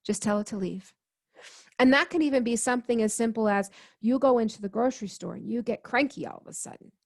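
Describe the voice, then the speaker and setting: A woman's voice: on the high side, quick pace, vocal fry. A woman, a guest healer, earnestly telling a personal story in an interview and acting out the dialogue as she goes. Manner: earnest, quotes herself and others in dialogue. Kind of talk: conversational storytelling.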